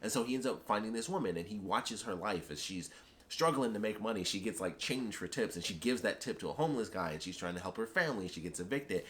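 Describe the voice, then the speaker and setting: A man's voice: on the low side, animated, quick pace, a bit bright, slight background noise. A man giving a casual, rambling spoken film review, enthusiastic and full of fillers. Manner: rambling and enthusiastic, heavy on "like" and "you know". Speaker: YouTube movie reviewer.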